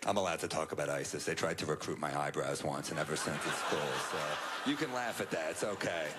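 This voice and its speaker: Recorded live at a club, this stand-up set features a young man spinning dry, self-deprecating stories while the crowd laughs. His voice is extremely low and quick, and the recording is very noisy.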